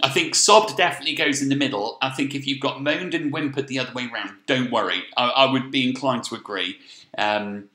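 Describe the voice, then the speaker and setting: A male primary school teacher gives a recorded remote reading lesson. He is encouraging, thinks out loud, and checks in with "okay?". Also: mid-range voice, brisk, echoey room. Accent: English.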